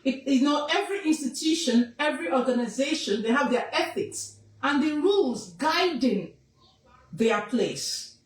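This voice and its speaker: Nigerian woman, activist, high and insistent, roomy off-mic sound. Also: animated, moderate pace, distant mic. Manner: emphatic, repetitive, scolding. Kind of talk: impassioned public statement.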